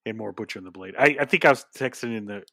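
Laid-back low-voiced man co-host. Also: vocal fry, dry recording, studio quality. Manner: relaxed, agreeable, quick backchannels. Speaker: podcast co-host. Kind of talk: casual chat.

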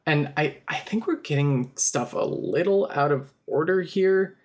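A woman's voice: low voice, measured pace, a little mellow. Wry, chatty woman podcast co-host. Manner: chatty, analytical, wry asides. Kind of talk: casual film discussion chat.

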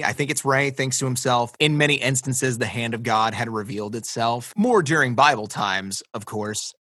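A man co-hosting a casual book discussion podcast, sarcastic and animated, mocking others in quick put-on quotes. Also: mid-range voice, no echo. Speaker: podcast co-host.

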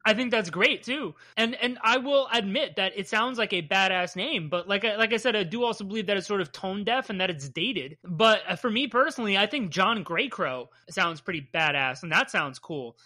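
A comic podcast co-host talks through the issue in a relaxed, candid way, slipping into dry sarcasm now and then. The voice is bright and forward, with a medium pitch. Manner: measured, candid, playfully sarcastic. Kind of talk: casual chat.

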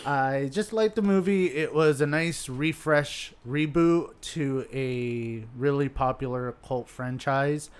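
A man's voice: mid-range voice, slow, few pauses, smooth. A man from South Florida co-hosting a casual podcast, upbeat and giggly, leading the segments. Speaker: podcast co-host. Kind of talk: casual chat.

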